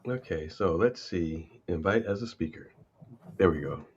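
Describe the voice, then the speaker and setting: A middle-aged man co-hosting a radio talk show in casual chat, exclamatory and quick to laugh. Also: sits low, expressive, slightly rough. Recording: muffled lo-fi sound.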